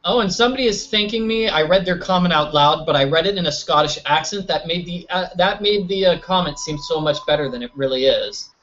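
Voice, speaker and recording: A man's voice: fairly high pitch, a little fast, hardly any pauses, muffled recording. A man giving casual, joking commentary while playing a mystery video game. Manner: joking, animated, silly voices. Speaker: let's play host.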